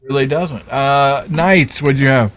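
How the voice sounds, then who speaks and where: A man's voice: mid-range voice, a bit bright. A man hosting a casual live podcast trivia game, joking and laughing as he goes. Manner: joking, laughing, drawn-out delivery. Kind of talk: casual live-stream banter.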